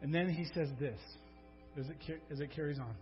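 A man preaching a sermon to his congregation, animated, often repeating words and asking "right?", and acting out urgent, crying-out prayers. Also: a little high, brisk, big-room sound, lo-fi sound, faint music behind. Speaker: pastor. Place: church sanctuary.

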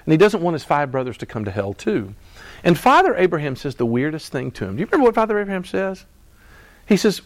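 A man's voice: on the high side, very animated, fast, no echo. A man preaching a sermon in a conversational style, acting out quoted voices and laughing as he goes. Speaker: pastor.

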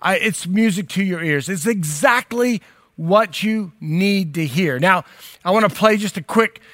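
An older male pastor delivers a sermon with a high-pitched voice. His manner is earnest and conversational, and he often speaks straight to the people watching. His tone is bright and ringing. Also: unhurried, no room sound, studio quality. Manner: earnest, conversational preaching, addressing viewers directly.

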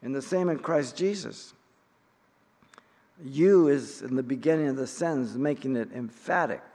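A middle-aged man leads a Bible study, working through the text in a measured, emphatic teaching voice. He pauses often and now and then drops in a filler. His voice rings with the long reverb of a church hall. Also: medium pitch, dark tone.

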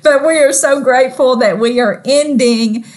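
A Southern-accented woman co-hosts a faith podcast in a relaxed, chatty way. She laughs easily and talks in a fairly high voice. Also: normal speed. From Southern United States. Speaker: podcast co-host. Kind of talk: casual ministry podcast chat.

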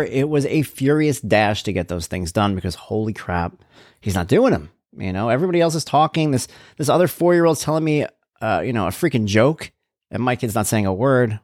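A man's voice: mid-range voice, a little mellow, dry recording, studio quality. A man in his forties hosting a podcast, talking in a loose, rambling way with lots of "you know" asides. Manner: chatty, rambling, self-interrupting with "you know". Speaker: podcast host and blogger. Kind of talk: casual personal podcast monologue.

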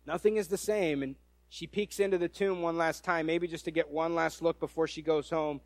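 A man's voice: fairly high pitch, steady tone, normal speed, dry recording. A male preacher giving a sermon, telling the story animatedly and acting out quoted voices, with frequent restarts.

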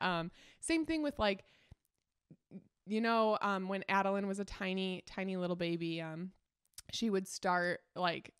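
A young mother hosts her own podcast in a relaxed, chatty way, with many fillers and little laughs. Her voice is smooth and clear at a middle pitch for a woman. The sound is dry, with no room echo. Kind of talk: casual solo podcast chat.

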